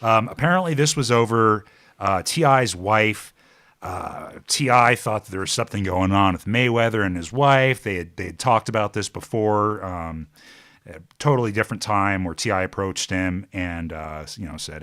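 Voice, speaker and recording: A man co-hosting a casual sports podcast, talking with many pauses and a wry edge. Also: fairly low pitch, a bit bright. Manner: hesitant, many fillers and restarts, wry. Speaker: podcast co-host.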